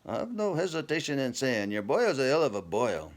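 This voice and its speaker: A man's voice: mid-range voice, very animated, normal speed, natural voice. A man voicing a fat, whiskered professor. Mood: amazed.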